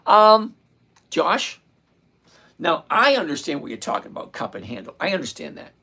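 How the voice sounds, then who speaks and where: A middle-aged man hosting a live trading stream, answering chat questions bluntly and repeating points slowly. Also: on the high side, wildly swooping pitch, creaky, bright, forceful tone, husky. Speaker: stock trading livestream host.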